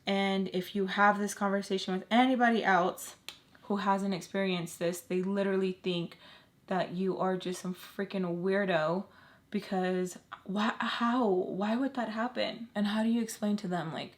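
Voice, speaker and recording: Female vlogger, casual emotional storytelling, halting delivery. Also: medium pitch. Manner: emotional, halting retelling with repeats.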